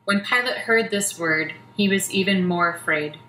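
Woman scripture narrator, bright tone, lower pitch, far mic in a roomy church. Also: moderate pace. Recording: roomy church from a distance, faint noise.

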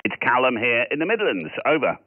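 A man's voice: medium pitch, sing-song, slight background noise. Chatty man on a tinny radio line. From Scotland. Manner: friendly, quick call handling. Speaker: ham radio operator. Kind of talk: casual radio chat.

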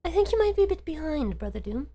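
Playful, lively woman streamer. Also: sits high, fast. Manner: playful, jokey, mock-serious. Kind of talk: casual game stream chat.

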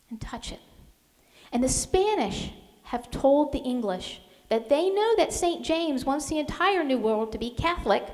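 A woman's voice: high voice, darkish tone. A woman author giving a history lecture, telling the story expressively with dramatic readings. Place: lecture hall at a museum. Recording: long hall reverb.

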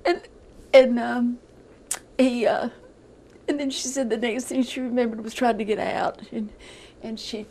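Older woman with a gravelly voice. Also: on the high side, flat delivery, a little mellow, a little hiss or hum, low-quality recording. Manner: halting, repeats words while recounting. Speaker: interviewee. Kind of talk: emotional news interview.

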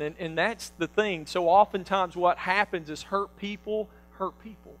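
A man preaching a sermon, telling a personal story with animated swings between loud bursts and hushed quotes. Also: high voice, normal speed, rough recording.

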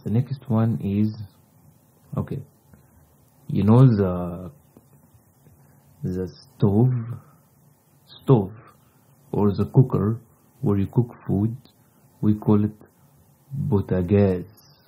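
A man with an Egyptian Arabic accent, a native Arabic speaker teaching vocabulary in simple English, repeating each word slowly. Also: lowish voice, fairly even intonation, breathy edge, lo-fi sound. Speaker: language teacher. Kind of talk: casual vocabulary lesson.

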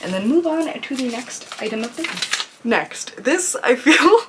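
A young woman with a slightly high voice talks casually to camera while opening mail from her viewers. She gushes and exclaims over each item and often breaks off and restarts her sentences, with a faint hiss of noise under the recording. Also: sing-song, moderate pace. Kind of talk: casual unboxing chat to camera.

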